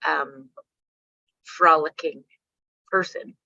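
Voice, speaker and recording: A woman from Canada gives a motivational workshop talk in a lowish but bright, forceful voice, telling animated stories with salty language. She keeps checking in with the audience. The sound is dry and a little dull. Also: very slow, vocal fry, no echo. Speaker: workshop speaker.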